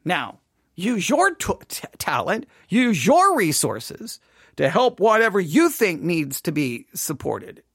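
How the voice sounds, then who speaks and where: A man, a pastor, hosting a podcast and commenting on a sermon in an animated, emphatic way, repeating words for effect. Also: sits high, slow, slightly rough, no echo, studio quality.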